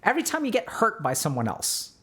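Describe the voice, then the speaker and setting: Animated man explaining meditation. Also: high voice, fairly quick. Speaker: streamer giving a talk. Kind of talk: livestream lecture on meditation.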